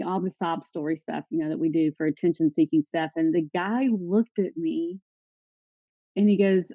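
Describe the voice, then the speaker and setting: A candid, middle-aged woman speaks straight to her listeners about her recovery. Her voice sits a little low with a mellow, dark tone. The recording is dry and somewhat dull. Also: fairly even intonation, moderate pace, dry recording. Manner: candid and emotional, addressing the audience directly. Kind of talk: personal testimony talk.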